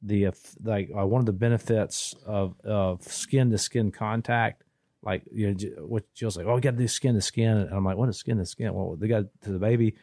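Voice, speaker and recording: A man, telling a long story in casual podcast chat, rambling and restarting, animated when he quotes people. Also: on the low side, moderate pace, no echo, studio quality. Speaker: podcast co-host.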